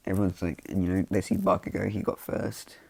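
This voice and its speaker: A man's voice: deep voice, flat delivery, fairly quick, gravelly, dark tone, slightly rough. A man casually retelling a fan-made story in a loose, rambling way full of fillers.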